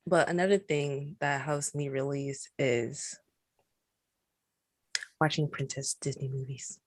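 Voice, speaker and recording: A woman's voice: a bass voice, fairly even intonation, slow pace, no room sound, studio quality. A woman co-hosting a casual podcast chat, rambling and giggling as she talks. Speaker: podcast co-host.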